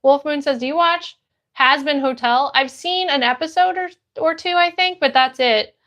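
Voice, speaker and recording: A woman's voice: sits high, moderate pace, a bit bright. A woman livestreamer reading her chat aloud, upbeat and greeting viewers by name.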